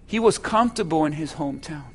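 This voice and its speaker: A man preaching a sermon as pastor, slow and emphatic, asking the congregation rhetorical questions. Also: fairly high pitch, lively intonation, breathy edge.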